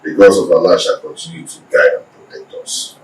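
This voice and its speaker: Give me a deep, slow-speaking elder, echoey and distant. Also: male voice, huge pitch swings, darkish tone. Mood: solemn. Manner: solemn, declaiming. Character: solemn village elder leading a prayer. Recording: echoey from far off, faint ambience.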